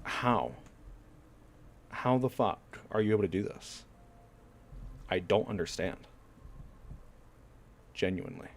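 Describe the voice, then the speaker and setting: A man's voice: lowish voice, slow pace, pauses often, a little hiss or hum. A man streaming a game, talking to himself in casual commentary, frustrated and swearing often.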